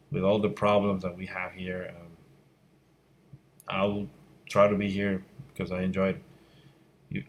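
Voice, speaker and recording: Low-voiced, blunt man from Venezuela. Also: slight background noise. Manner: candid and blunt, gets worked up and emphatic. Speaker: visual effects course instructor. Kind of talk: casual Q&A answering viewer questions. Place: room at home at night by a window. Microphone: fixed mic, voice fades when he turns away.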